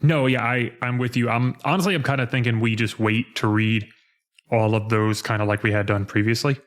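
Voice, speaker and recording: A man's voice: medium pitch, fairly even intonation, a little fast. A man co-hosting a podcast, talking about a video game in an easygoing way, hedging with lots of "like" and "kinda". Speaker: podcast co-host. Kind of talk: casual game discussion.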